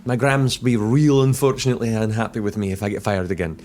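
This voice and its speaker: A man's voice: lowish voice, fairly even intonation, quick pace, a little mellow, faint music behind, voice pushed up, natural voice. A man voicing a flustered, gullible male castle guard who stammers and is easily swayed, in a tabletop game. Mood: conflicted.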